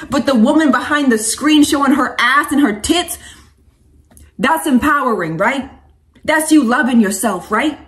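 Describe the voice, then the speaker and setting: A woman's voice: high-pitched, expressive, unhurried, fairly bright tone. A woman coach and vlogger giving an impassioned, preachy monologue to camera, casual and slangy, calling viewers sweetheart and honey.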